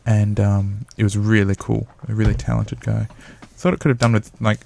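A man chatting casually about a festival show, halting with fillers and restarts. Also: lowish voice, little pitch movement, creaky, warm tone, a little hiss or hum. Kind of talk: casual chat.

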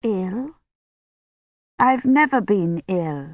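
A reader voicing a sick young man who speaks faintly and slowly, feverish and afraid. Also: mid-range voice, animated, no room sound, narrow, tinny audio. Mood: weak, frightened. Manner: faint, slow, fearful murmuring. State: feverish, shivering.

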